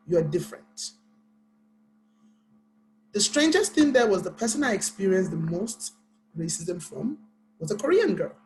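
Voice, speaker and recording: A woman's voice: medium pitch, a little mellow, rough recording. Nigerian woman, author guest on a panel; Nigerian English accent, earnest storytelling, carefully paced speech.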